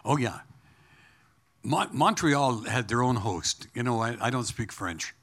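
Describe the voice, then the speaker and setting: A man's voice: medium pitch, unhurried. An older man telling a story as an interview guest, chatty and laughing often. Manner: animated anecdote teller, laughs often. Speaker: interview guest, former broadcaster.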